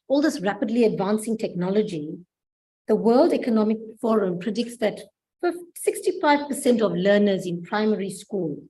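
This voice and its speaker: A woman's voice: mid-range voice, mellow, rough recording. A South African woman giving a conference presentation as a provincial coordinator, earnest, asking the audience rhetorical questions.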